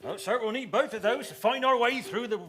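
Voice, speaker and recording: A man's voice: very high-pitched, brisk, sharp tone. A man playing a fussy, pedantic sailor in a ship's crew, in improvised stage comedy.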